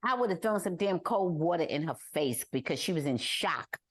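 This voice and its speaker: Older woman, podcast co-host, animated and expressive, lowish voice that swings widely. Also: normal speed, slightly rough. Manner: animated, mimics people with exaggerated high wails. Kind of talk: casual chat.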